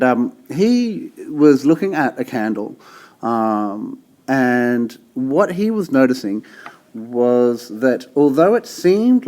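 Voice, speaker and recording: A male teacher explaining a topic in a relaxed, chatty way, often checking in with the listener and restarting his sentences. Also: mid-range voice. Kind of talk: casual classroom explanation.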